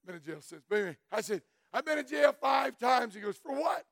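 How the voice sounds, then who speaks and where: Middle-aged man, high gravelly voice, loud testimony preacher, dry sound. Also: lively intonation, fairly quick, no echo. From Florida. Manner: loud, emphatic storyteller, shouts for emphasis. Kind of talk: sermon testimony.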